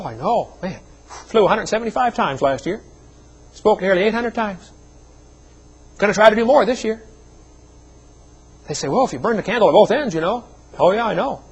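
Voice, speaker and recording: A man's voice: sits high, slightly rough, low-quality recording. A middle-aged man preaching a seminar sermon, telling personal stories in a folksy way with joking asides. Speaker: evangelist speaker.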